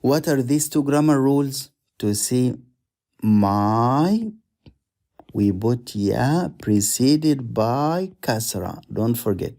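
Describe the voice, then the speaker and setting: A male teacher walks learners through a beginner lesson, repeating each new word to drill it. He talks slowly and deliberately. His voice is mellow and dark, and his pitch sits in the middle. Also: lively intonation. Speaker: Arabic teacher. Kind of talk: slow explanatory lesson.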